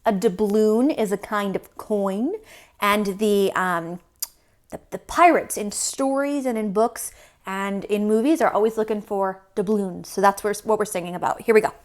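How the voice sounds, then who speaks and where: A woman teaching a yoga class to young children, gentle and encouraging as she leads the poses. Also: medium pitch, normal speed.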